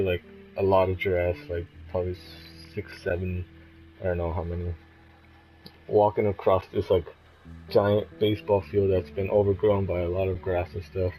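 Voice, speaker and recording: A man's voice: lowish voice, dark tone, poor audio. A young man casually retelling events from a video game, rambling with lots of "like" and restarts. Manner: rambling, many fillers and restarts. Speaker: gamer retelling a story. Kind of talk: casual spoken recap.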